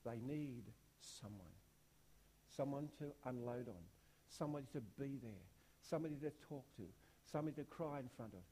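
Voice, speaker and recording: A man preaching a sermon, driving points home with repeated rhetorical questions and big swings from hushed to loud. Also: medium pitch, fast, hardly any pauses, slight background noise.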